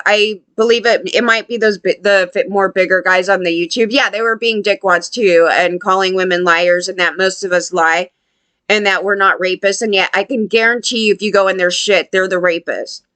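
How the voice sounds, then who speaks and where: A woman's voice: medium pitch, normal speed, sharp tone, smooth, no room sound. A woman ranting to her viewers in a blunt, profane, rambling way, often restarting her sentences. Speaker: vlogger. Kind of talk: unscripted rant to camera.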